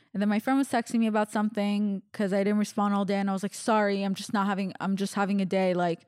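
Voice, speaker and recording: A woman's voice: mid-range voice, a little mellow, no echo. Bubbly chatty young woman podcaster, dry sound. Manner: chatty, laughing, acts out quoted dialogue. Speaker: podcast host. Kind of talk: casual storytelling monologue.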